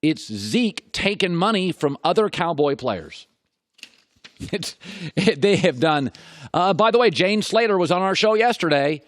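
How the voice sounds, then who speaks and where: A middle-aged man hosts a sports talk show in a lively, swooping voice. He leans on rhetorical questions and hammers his points by repeating them. The sound is close and dry. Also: high-pitched, unhurried, no echo. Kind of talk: opinionated sports talk monologue.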